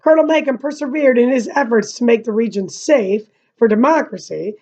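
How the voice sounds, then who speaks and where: A young woman with a slightly high voice reads a novel aloud at a fairly quick pace, like a teacher. Her narration is slightly monotone, broken up by casual asides and commentary.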